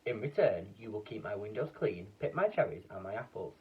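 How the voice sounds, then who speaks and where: A man voicing a grand, excitable old duke in a children's story, pompous and booming. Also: a little fast, breathy edge, lo-fi sound.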